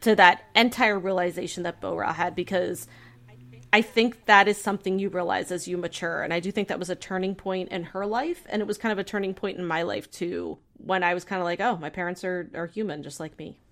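A woman's voice: on the low side, steady tone, a little fast, fairly bright tone. Earnest, reflective woman podcaster. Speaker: podcast co-host. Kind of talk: casual podcast chat.

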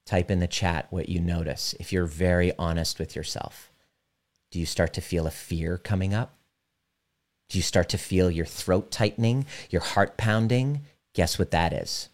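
A man working as a relationship coach, talking directly and emphatically to a live audience and slowing down to guide a visualization. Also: deep voice, darkish tone.

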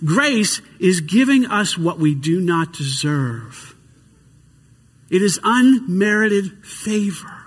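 A man preaching with fervor, his high, husky voice leaping up and down as he moves between hushed, slow passages and shouted calls. His words ring out with a long reverb in a large hall. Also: sing-song. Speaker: pastor. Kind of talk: sermon.

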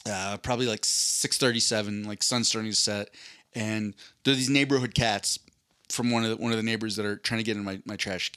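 A man's voice: medium pitch, bright, forceful tone, no echo, clean studio sound. A man co-hosting a podcast who tells a long story in casual, profane chat and acts out voices as he goes. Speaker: podcast co-host.

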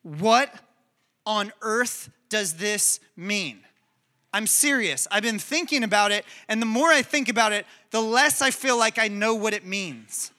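A male pastor giving a sermon, telling stories in a lively, conversational, emphatic way. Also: high-pitched, a little slow. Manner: animated storytelling, conversational and emphatic.

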